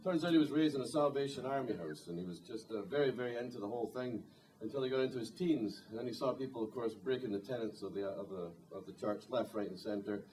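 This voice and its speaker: A male singer-songwriter with a medium-pitched, darkish voice speaks fast between songs at a live music venue, telling a rambling, wry story packed with "you know." The distant live recording carries a little hiss or hum.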